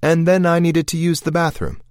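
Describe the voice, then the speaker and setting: A man voicing a nervous young woman making defensive excuses, well above his own pitch. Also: little pitch movement, moderate pace, a little mellow, no room sound, clean studio sound, lightly acted. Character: nervous young woman, lying under pressure.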